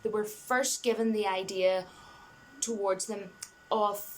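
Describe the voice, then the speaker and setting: A woman's voice: medium pitch, fairly even intonation, measured pace, a little hiss or hum. Chatty, enthusiastic woman reviewing a film. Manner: chatty and rambling, full of "you know" and restarts; enthusiastic, laughing between points.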